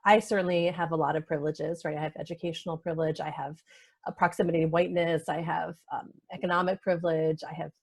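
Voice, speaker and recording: A woman's voice: on the low side, darkish tone, dry recording. Thoughtful woman author as guest. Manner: thoughtful and reflective. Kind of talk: casual conversation.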